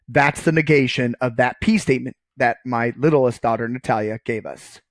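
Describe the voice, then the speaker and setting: A man's voice: medium pitch, moderate pace, no room sound. A man giving a recorded math lecture, casual and joking, often checking in with "okay" while writing on screen. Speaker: college math professor.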